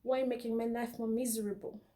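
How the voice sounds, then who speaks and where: A woman's voice: fairly high pitch, flat delivery, fairly quick, mellow. A woman vlogger giving dating advice in a casual monologue to camera, earnest and emphatic, sometimes quoting scripture. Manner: emphatic and earnest, stretching words for stress; preachy, quotes scripture.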